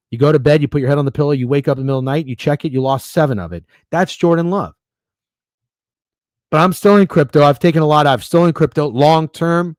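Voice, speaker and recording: A man's voice: on the high side, no room sound. A man hosting a casual sports betting livestream, rambling and swearing freely as he talks through games and bets. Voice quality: profane, rambling, excitable. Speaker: sports betting stream host.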